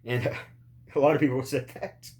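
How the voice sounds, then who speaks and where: A man's voice: mid-range voice, steady tone, moderate pace, a little mellow. Rambling, sore man host in pain. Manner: rambling, profane, many ums and uhs. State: in pain after surgery. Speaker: podcast host. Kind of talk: casual podcast review.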